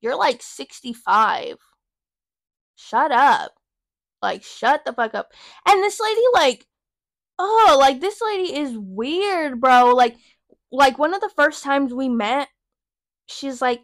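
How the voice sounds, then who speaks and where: A young woman in her early twenties hosts her own podcast and tells stories in a sassy, profane rant. Her voice sits a little high. It is recorded close and dry, with no room sound. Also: expressive, slow pace, long pauses, a bit bright, no echo. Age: young adult. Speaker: podcast host. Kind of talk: casual storytelling rant.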